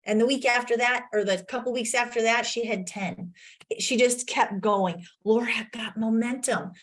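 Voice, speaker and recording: Lively woman coach giving a talk. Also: on the high side, moderate pace. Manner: energetic storytelling, acts out client's quotes. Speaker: conference speaker and coach. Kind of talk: virtual conference presentation.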